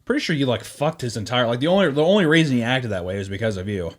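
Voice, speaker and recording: A man chatting on a podcast with a lively, swooping voice. He rambles and restarts his sentences, loose and unscripted, at an ordinary middle pitch. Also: racing. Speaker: podcast co-host. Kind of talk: casual chat.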